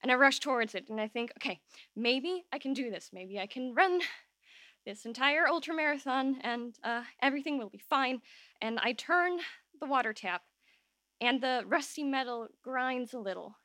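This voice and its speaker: A woman telling a true personal story live on an open-air stage, emotional and halting, voice shaking at times. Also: sits high, animated, pushed and bright, dry recording, clean studio sound.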